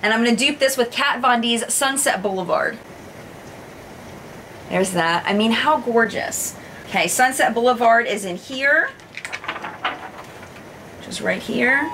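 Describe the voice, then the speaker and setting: A woman beauty vlogger doing a makeup review, showing swatches, gushing and exclaiming with excitement. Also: fairly high pitch, a little slow, pauses often, a little hiss or hum.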